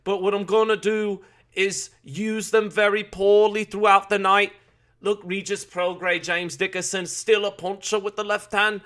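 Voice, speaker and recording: A man putting on a deliberately poor British accent as a brash, slangy boxing pundit during live-stream commentary. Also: high voice, level tone, fairly bright tone, voice pushed up. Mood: cocky. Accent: deliberately poor put-on British accent. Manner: brash, slangy, repeats catchphrases. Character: cheeky mock-British male boxing pundit.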